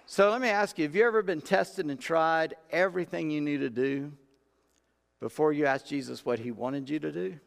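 A man's voice: fairly high pitch, moderate pace, creaky. A man preaching a sermon in a folksy, conversational way, acting out Bible characters in everyday talk. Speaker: pastor. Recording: long reverb of a large room.

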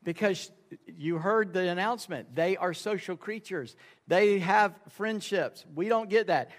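A man's voice: sits high, a little slow. A man preaching a sermon as pastor, telling folksy stories and acting out the people in them. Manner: folksy storytelling, acts out dialogue in quoted voices. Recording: reverberant sanctuary sound.

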